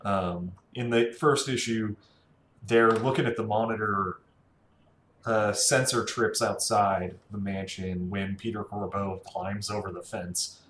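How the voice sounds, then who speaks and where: A man's voice: lowish voice, slow. A man co-hosting a podcast, chatting casually and enthusiastically about comics in an easygoing way. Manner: easygoing, relaxed fillers, enthusiastic. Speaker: podcast co-host. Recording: echoey room with faint noise.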